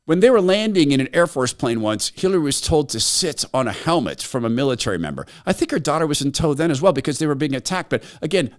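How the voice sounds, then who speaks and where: A man hosting his own talk show, delivering an opinionated monologue in a sarcastic, emphatic way. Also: mid-range voice. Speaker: host.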